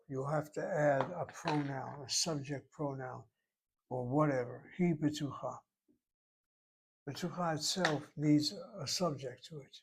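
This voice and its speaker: A man teaching a language class, explaining slowly and methodically and repeating words to break them into syllables. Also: medium pitch, slightly rough. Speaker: Hebrew teacher. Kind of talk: classroom lecture.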